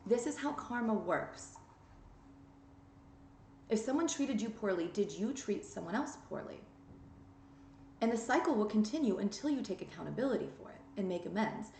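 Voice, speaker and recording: A woman's voice: medium pitch, lively intonation, moderate pace, creaky, long pauses, a little mellow, a little hiss or hum. A woman giving a tarot reading straight to her viewers, blunt and emphatic, scolding them and urging them on. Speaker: tarot reader. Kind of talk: direct-to-camera tarot reading. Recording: echoey room with faint ambience.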